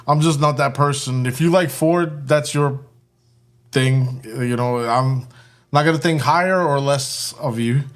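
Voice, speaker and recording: A man's voice: medium pitch, a little slow. A man hosting a casual live stream and joking with his chat while building a kit, often breaking into laughter.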